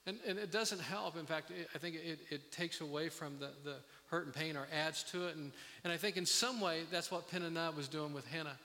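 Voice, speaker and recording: A middle-aged man preaching a sermon as pastor, earnest and halting, with many restarts. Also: on the high side, sharp tone. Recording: long reverb of a hall.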